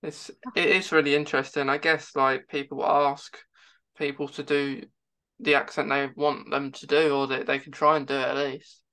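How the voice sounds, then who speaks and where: A man's voice: a little high, level tone, moderate pace, bright, forceful tone. A man hosting a casual interview, who stumbles and repeats words as he talks. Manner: stammering restarts, repeats words. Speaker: host.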